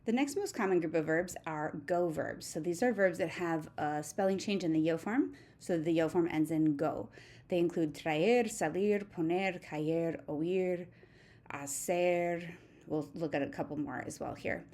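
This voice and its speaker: A woman, a teacher giving a steady, methodical recorded grammar lesson and reciting verb forms one by one. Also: on the low side, unhurried. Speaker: Spanish teacher.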